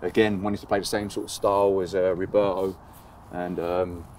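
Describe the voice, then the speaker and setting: A man's voice: deep voice, flat delivery, moderate pace, darkish tone, a little hiss or hum. A man, a footballer reminiscing in a casual interview, rambling with lots of fillers and laughs. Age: 30s.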